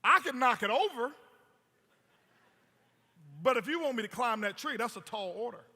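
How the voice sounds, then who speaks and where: In a very high, pushed, bright voice, a male motivational speaker tells stories on stage at normal speed. He's animated and emphatic, repeating words, with a long hall reverb on the recording.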